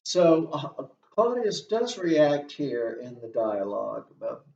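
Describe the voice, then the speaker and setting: A man's voice: mid-range voice, gravelly, darkish tone. Distant roomy male instructor lecturing. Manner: deliberate, explanatory, walks through the text line by line. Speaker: literature instructor. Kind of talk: recorded literature lecture. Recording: dull, distant, roomy recording.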